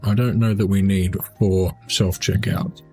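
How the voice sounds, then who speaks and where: A man's voice: low voice, measured pace, soft background music. A man casually commenting on a game he is playing, muttering to himself and talking while eating. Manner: relaxed, talks with his mouth full while eating. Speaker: gaming streamer.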